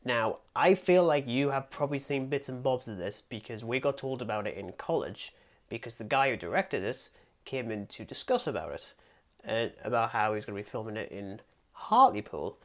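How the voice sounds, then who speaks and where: An English man co-hosting a film podcast in a loose, rambling chat. He drifts through his thoughts with plenty of "um"s and self-deprecating asides. His voice sits at an ordinary middle pitch. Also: lively intonation, moderate pace, a bit bright. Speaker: podcast co-host. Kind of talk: casual film review chat.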